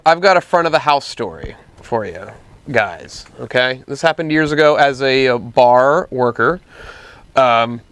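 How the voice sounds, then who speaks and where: In a relaxed chat, a male podcast co-host with a slightly high, smooth voice recounts a story from work, bringing its characters to life as he acts out their lines. The recording is dry.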